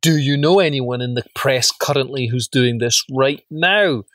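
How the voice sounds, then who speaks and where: A man's voice: mid-range voice, unhurried, a bit bright, no room sound. A man teaching a business course, asking rhetorical questions and stressing words emphatically, with frequent repeats. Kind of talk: spoken lesson on facts and truth.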